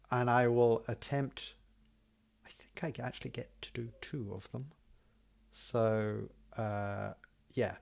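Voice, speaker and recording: A man with a gravelly, rough-edged voice plays a tabletop game, working through his turn out loud. He talks casually and haltingly, with many ums and restarts. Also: medium pitch. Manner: halting, thinking aloud with fillers. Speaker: player.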